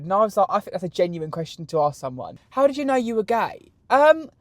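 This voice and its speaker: A man's voice: sits high, quick pace, no echo. Brief: British man in his 20s, podcast host, camp and crude, close dry mic. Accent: British English. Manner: animated, crude, camp storytelling. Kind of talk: solo podcast answering questions.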